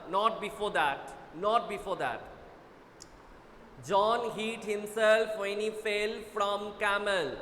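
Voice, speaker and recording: Indian english guy teaching online class, high voice, keeps saying hurry up, roomy sound with faint hiss. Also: sharp tone. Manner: brisk, repeats words to urge students on. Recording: echoey room with faint noise.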